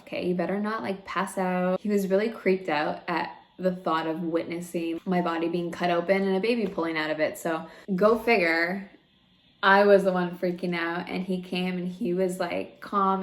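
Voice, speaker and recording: A young woman vlogging about her own experience in a chatty, candid way, full of fillers and close to tears at moments. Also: fairly low pitch. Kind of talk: personal vlog storytelling.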